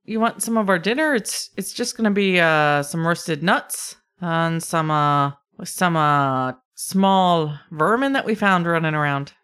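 A man's voice: fairly high pitch, very fast, hardly any pauses, clean tone, natural voice. A man doing a stammering, nervous kobold. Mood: nervous wheedling. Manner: stammering, pleading. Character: wary male kobold scavenger, nervous and wheedling.

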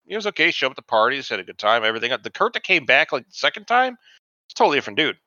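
A man chats on a podcast with a forceful, bright voice that moves widely in pitch. He talks loosely and rambles a little. The recording is dry and slightly muffled. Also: very animated, rapid-fire, no room sound. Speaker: podcast co-host. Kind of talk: casual chat.

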